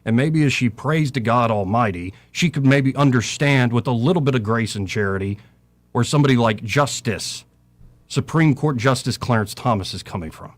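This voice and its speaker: A man's voice: medium pitch, moderate pace. A middle-aged man giving impassioned talk radio commentary, preaching with scripture and swinging his voice up and down. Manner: preacherly, quoting scripture, voice rising and falling.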